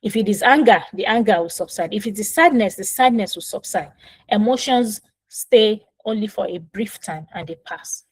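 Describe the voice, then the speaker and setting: A woman's voice: mid-range voice, animated, moderate pace, breathy edge, no echo, rough recording. A woman parenting coach talking through setting goals step by step, patient and explanatory, recording on her phone. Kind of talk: casual instructional talk.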